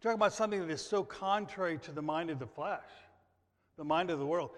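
A man from the United States preaching a sermon, emphatic, with repetition and sudden loud rises in his delivery. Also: on the high side, brisk. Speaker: pastor. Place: church sanctuary. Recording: long hall reverb.

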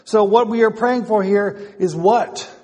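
A man's voice: high-pitched, a little slow, darkish tone, long reverb tail. A man preaching a sermon who often asks rhetorical questions and repeats his phrases.

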